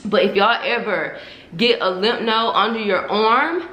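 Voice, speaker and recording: A woman's voice: mid-range voice, measured pace, pushed and bright. A young woman vlogging casually to her viewers, candid and profane, calling them y'all. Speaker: YouTuber. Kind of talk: casual vlog confession to viewers. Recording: echoey room.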